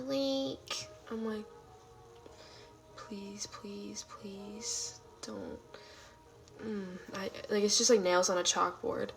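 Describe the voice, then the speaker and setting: A woman's voice: mid-range voice, gravelly. A woman of twenty-one from California chatting casually on a livestream, reactive and full of fillers, sometimes dropping to a whisper.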